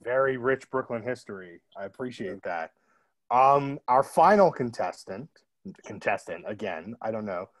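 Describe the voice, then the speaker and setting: A man's voice: mid-range voice, lively intonation, normal speed. A man hosting a video panel, upbeat and joking with guests. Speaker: host.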